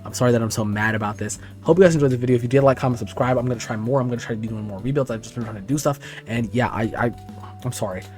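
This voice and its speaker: A man's voice: medium pitch, very fast, darkish tone, soft background music. A tired young man giving frustrated, profane commentary on his football video game season as a gaming YouTuber. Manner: swearing, frustrated rambling. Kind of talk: casual gameplay commentary.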